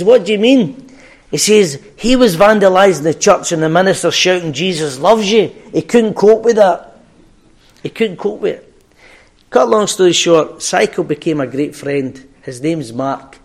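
Older glasgow preacher guy, fairly high voice, earnest homey sermon telling a story. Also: a little mellow. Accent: Glaswegian Scottish. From Scotland. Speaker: pastor.

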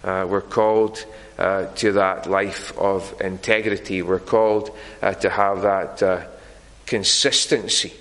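Male preacher, slow and earnest, bright forceful tone, long echo in a church hall. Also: sits low, flat delivery. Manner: earnest, deliberate, with frequent filler pauses. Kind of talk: sermon.

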